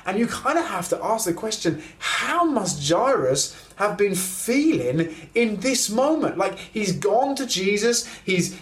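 A man preaching a sermon in a conversational storytelling way, slowing down to press key lines. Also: sits high. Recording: roomy echo.

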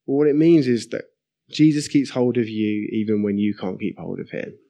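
A man in his thirties preaching a sermon, slowing down and leaning hard on key words for emphasis. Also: lowish voice, vocal fry, dark tone. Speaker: pastor.

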